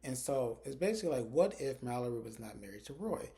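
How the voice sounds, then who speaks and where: A man's voice: mid-range voice, very animated, quick pace, warm tone. A man recapping a television drama episode in a casual, chatty way, quoting the characters as he goes. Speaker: recap host. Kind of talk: casual plot recap with acted quotes.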